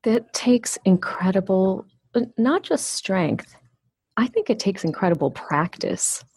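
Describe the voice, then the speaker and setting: A woman's voice: mid-range voice, very animated, a little slow, a little mellow, husky, dry recording. A woman interviewer asking reflective questions and thinking aloud. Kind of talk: conversational interview.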